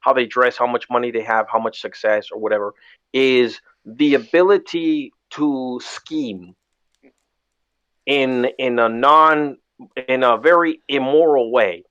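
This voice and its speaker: A man's voice: mid-range voice, unhurried, a bit bright, clean tone, no room sound. A young man co-hosting a casual podcast chat, opinionated and rambling, often checking that the others follow him. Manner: opinionated, rambling, often asks "you know what I mean". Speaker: podcast co-host. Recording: muffled podcast audio.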